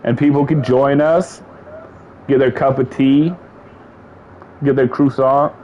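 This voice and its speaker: A man co-hosting a casual podcast chat, animated, laughing often and repeating himself. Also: mid-range voice, slow, slight background noise. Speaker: podcast co-host. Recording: dull lo-fi sound.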